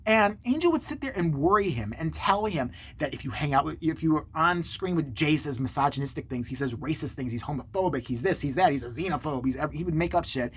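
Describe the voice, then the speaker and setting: A man hosting his own channel, telling a story to the camera in a sarcastic, profane, animated way. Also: a little high, brisk, few pauses, breathy edge. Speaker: channel host.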